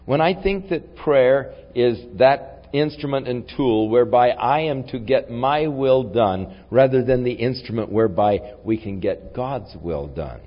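A man's voice: mid-range voice, lively intonation, unhurried, hardly any pauses. Male preacher, sermon with scripture reading, long hall echo, dull lo-fi recording. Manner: reflective, rising to forceful when reading scripture.

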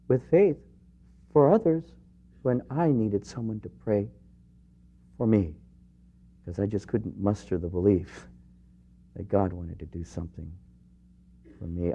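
In a dull, lo-fi recording, a pastor preaches with a fairly low voice and a sincere, personal manner. His delivery swells into emphatic questions and then settles into hushed, intimate asides.

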